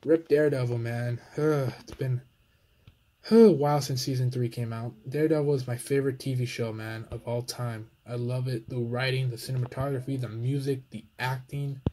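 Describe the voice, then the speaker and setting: A man's voice: medium pitch, steady tone, normal speed, mellow, slight background noise. A young man in a casual toy-collection vlog, laid-back and fond of calling everyone dude, tired and out of breath.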